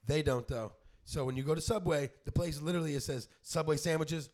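Fast-talking, profane male podcast host. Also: a little high, a little mellow. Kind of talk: casual chat.

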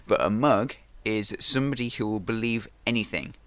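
A man in casual chat, animated and given to hard laughter, often restarting his sentences. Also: fairly low pitch, normal speed, smooth, no echo.

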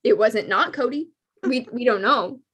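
Casting: young woman podcast co-host, excitable fan chatter, a bit high-pitched, frequent laughter. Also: moderate pace, slight background noise. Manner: excitable, gushing, laughs often. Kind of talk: casual fan podcast chat.

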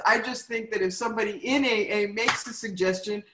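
A woman's voice: medium pitch, fairly even intonation, fairly quick, hardly any pauses, echoey room, background noise. A woman sharing her recovery story at a meeting, frank and self-mocking, often tagging on "right?".

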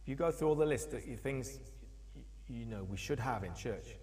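Male preacher, middle pitch, animated storyteller, long reverberant church sound. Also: fairly quick. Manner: animated storytelling, acting out quoted voices. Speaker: pastor. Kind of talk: sermon. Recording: long echo of a church hall.

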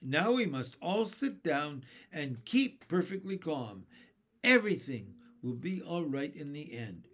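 A man's voice: a little high, sing-song, unhurried, a bit bright, pitched above the performer's own voice, heavily acted. A man reading aloud and voicing a kindly, fatherly old male grasshopper in a storybook. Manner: fatherly, reassuring.

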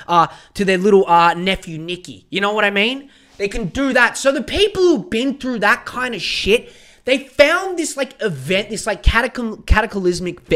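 A man's voice: high voice, fairly bright tone. A man, hosting a solo podcast and ranting in a profane, heated way with lots of stammered restarts. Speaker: podcast host.

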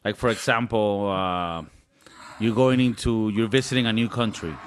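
A man's voice: lowish voice, steady tone, moderate pace, clear, resonant tone. A man co-hosting a casual podcast, joking and acting out silly scenes. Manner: joking, acts out silly scenes with a put-on British voice. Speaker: podcast co-host. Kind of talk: casual comedic chat.

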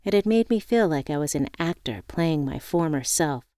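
A woman narrates a first-person audiobook in a low, smooth voice. Her reading is measured and expressive. The sound is dry and close on the mic. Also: no echo.

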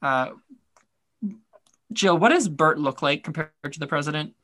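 A man's voice: a little high, lively intonation, moderate pace, a bit bright, no echo. A man co-hosting a podcast, recapping a scene in a rambling, wry way with lots of fillers. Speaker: podcast co-host. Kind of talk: casual recap chat.

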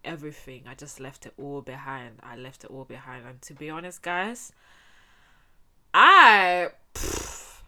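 Low, bright-voiced young woman telling her story. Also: sing-song, unhurried. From Spain. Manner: chatty, slangy, addresses viewers directly. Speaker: vlogger. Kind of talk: casual personal storytelling.

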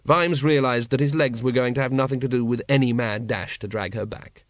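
A man narrating an audiobook in a measured, wry storytelling manner. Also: mid-range voice, steady tone, no room sound, clean studio sound.

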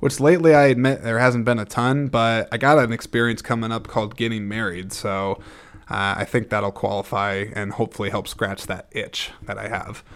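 Smooth-voiced rambling man hosting a podcast. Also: on the low side, fairly even intonation, normal speed. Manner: rambling, thinking aloud with frequent restarts. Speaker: podcast host. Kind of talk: casual solo monologue.

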